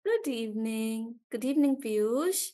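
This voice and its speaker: Teaching English in a live online class, a woman speaks at a measured pace in a fairly high, animated, mellow voice. She praises students by name, stays chatty and encouraging, and laughs often between explanations.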